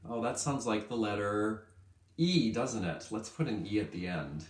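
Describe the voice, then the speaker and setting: A male kindergarten teacher giving a lesson to young children in an upbeat way, stretching words out slowly so they can follow. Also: fairly low pitch, expressive, roomy sound.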